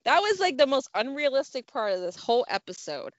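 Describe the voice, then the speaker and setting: A woman's voice: high-pitched, sing-song, fairly quick, no room sound, highs cut off. A woman from New Jersey co-hosting a podcast, chatting casually with frequent laughs and easy swearing. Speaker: podcast co-host. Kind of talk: casual chat.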